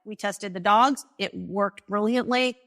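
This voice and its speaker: A woman guest telling a personal story in conversation, animated and acting out the dialogue she recounts, laughing often. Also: mid-range voice, unhurried.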